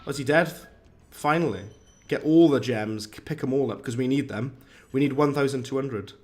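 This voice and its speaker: Game music sits behind a man whose medium-pitched voice is slightly mellow and paced normally. He chats loosely with viewers during a live game stream, wandering from topic to topic, reading their messages aloud and using British slang.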